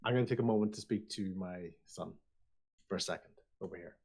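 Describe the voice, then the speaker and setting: A man voicing a strained middle-aged father who speaks with slow, hesitant, forced politeness. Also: low voice, a little mellow, husky.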